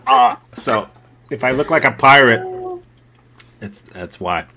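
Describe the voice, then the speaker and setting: A man's voice: medium pitch, lively intonation, measured pace, a crowd in the background. A man teaching an improv workshop over a video call, joking and self-mocking. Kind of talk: casual workshop talk.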